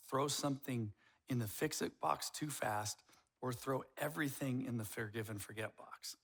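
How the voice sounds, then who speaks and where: A middle-aged man preaching a sermon as pastor, animated and acting out quoted voices. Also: medium pitch, slightly rough.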